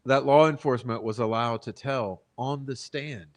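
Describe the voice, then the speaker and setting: A man hosting true-crime commentary, reading out trial testimony and arguing emphatically, often asking "okay?" and "right?" to press his point. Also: medium pitch. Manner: emphatic, rhetorical, seeks agreement with repeated "okay?" and "right?"; deliberate, stretches key words for emphasis. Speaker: channel host and commentator.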